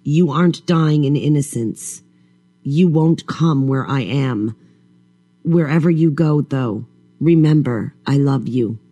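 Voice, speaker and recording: A man voicing a gentle young daughter's spirit in a soft whisper. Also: mid-range voice, slow. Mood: hushed.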